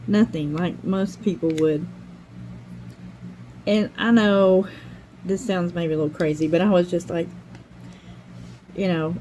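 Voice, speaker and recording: Older woman, craft channel host, rambling heartfelt chat, warm mellow voice, faint background noise. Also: on the low side, steady tone, a little slow, pauses often, rough recording. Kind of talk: casual chat while crafting.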